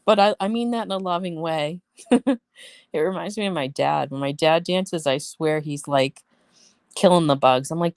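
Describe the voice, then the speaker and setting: Brief: woman streamer, blunt and profane, chatty storyteller, lowish voice. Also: normal speed, dry recording. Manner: blunt, swears freely, venting; chatty storyteller, talks to viewers. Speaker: livestream host. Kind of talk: casual live-stream chat.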